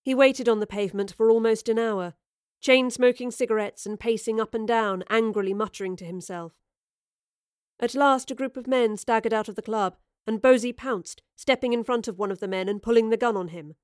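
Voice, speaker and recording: A woman reading a scripted story aloud in a measured, expressive storytelling manner. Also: fairly high pitch, no echo, clean studio sound. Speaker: narrator. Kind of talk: scripted narration.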